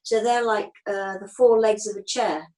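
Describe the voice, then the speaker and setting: A woman in her fifties, a down-to-earth acupuncturist, talks as a guest in a casual interview, illustrating her points with homely everyday comparisons. Her medium-pitched voice is warm and steady at a normal speed, though the audio is poor.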